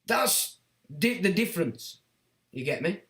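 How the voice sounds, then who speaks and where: Hosting a laid-back livestream at a moderate pace, a high-voiced middle-aged man responds bluntly to chat comments, with a roomy sound. Animated throughout, he now and then imitates whiners in put-on voices to mock them.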